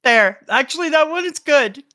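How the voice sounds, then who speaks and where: Middle-aged woman, mother co-host, bright tone, slightly high pitch, enthusiastic, casual chat. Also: animated, moderate pace.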